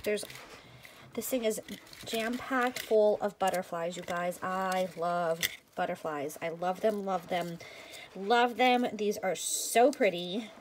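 Woman, unboxing vlog, gushing and chatty, unhurried delivery, faint hiss. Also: mid-range voice. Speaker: vlogger. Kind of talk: casual happy-mail unboxing vlog.

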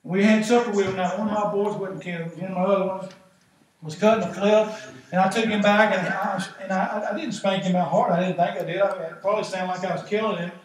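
A middle-aged man, preaching a sermon as pastor in a folksy, animated way, acting out the voices he quotes. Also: sits high, fairly quick. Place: church sanctuary. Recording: echoey church from far off, faint noise.

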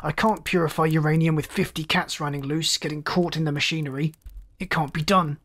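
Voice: medium pitch, steady tone, brisk, a bit bright. A narrator doing a roaring, hot-tempered ship's engineer. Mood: raging. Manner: roaring, snapping orders. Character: thunderous hot-tempered male chief engineer. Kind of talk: audiobook story reading.

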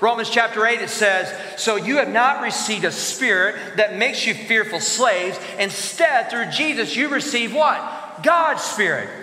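A male pastor preaching a sermon in a church, animated, asking the congregation to answer his questions aloud. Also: sits high, unhurried. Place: church sanctuary. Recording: echoey church hall with long reverb.

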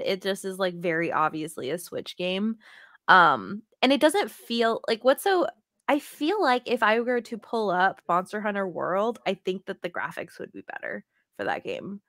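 A woman's voice: medium pitch, fairly bright tone, dry recording, studio quality. A young woman co-hosting a podcast in casual chat, laughing often as she talks. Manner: giggly, laughs often while talking. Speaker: podcast co-host.

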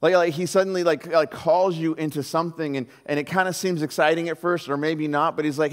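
Animated pastor, reverberant church hall. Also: male voice, fairly high pitch, quick pace, few pauses, smooth. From Southern California. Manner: animated storyteller, acts out quoted voices, many "like"s. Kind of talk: sermon.

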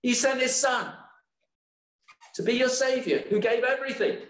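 A man preaching a sermon in a church, slow and emphatic, often asking rhetorical questions. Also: very high voice, fairly bright tone. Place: church hall. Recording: echoey church hall.

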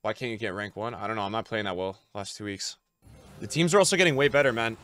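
A young adult man streaming live, opening packs and talking to his chat, often shouting with excitement. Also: lowish voice, quick pace.

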